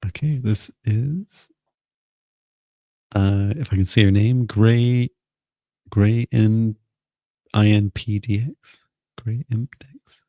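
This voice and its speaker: A man's voice: on the low side, steady tone, slow pace, pauses often, warm tone, no echo. A man hosting a live-stream psychic reading session, chatting casually and light-heartedly while waiting on viewers.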